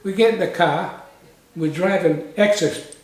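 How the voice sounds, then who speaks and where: A man's voice: sits high, measured pace. A man in his eighties from Sicily, telling stories in short plain phrases as a guest in a barber shop. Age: 80s. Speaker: interview guest. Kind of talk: casual storytelling. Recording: roomy barber shop, faint noise.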